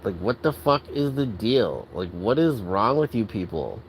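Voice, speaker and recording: A man with a lowish voice vents in an exasperated, profanity-laced rant. He speaks casually with lots of filler words. A faint hum of traffic sits behind him. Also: sing-song, measured pace, low-quality recording. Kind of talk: angry rant.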